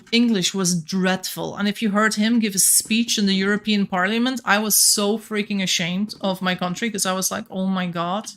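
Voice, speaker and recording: A woman's voice: medium pitch, fairly bright tone. Young Flemish woman streaming a game. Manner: chatty, thinks aloud, restarts sentences. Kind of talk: casual live-stream chat while playing.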